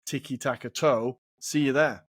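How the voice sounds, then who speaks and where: A man's voice: medium pitch, steady tone, normal speed, a bit bright, no room sound. A man co-hosting a football podcast in casual chat, thinking aloud and swearing freely. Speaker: podcast co-host.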